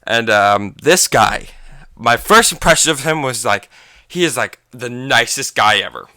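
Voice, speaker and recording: A man's voice: mid-range voice, expressive, a little slow, sharp tone, no room sound. A teenage boy casually telling a long story, rambling and correcting himself as he goes. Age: teens. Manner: rambling, self-correcting, chatty. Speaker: gaming channel vlogger.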